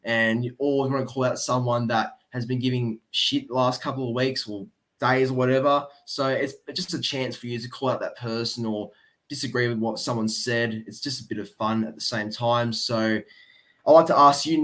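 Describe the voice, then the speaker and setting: A man hosting a podcast, explaining a segment in a casual, relaxed way. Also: medium pitch, moderate pace. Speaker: podcast host.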